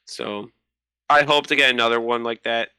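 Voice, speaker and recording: A man in his twenties, a podcast guest in casual chat, telling animated stories and swearing freely. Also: medium pitch, normal speed, clear, resonant tone, no room sound.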